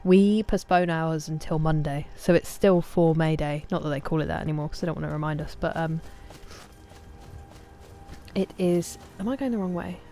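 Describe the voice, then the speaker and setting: A woman chatting casually with live viewers while gaming, greeting them by name and dropping soft asides. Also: low voice, steady tone, moderate pace. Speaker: streamer.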